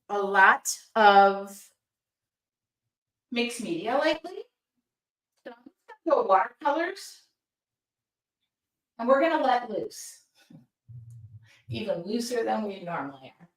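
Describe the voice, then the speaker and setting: A woman with a slightly high, bright, forceful voice speaks far from the mic, her sound roomy and somewhat off-mic. While painting in a live art demo, she chats casually and reads her viewers' comments aloud.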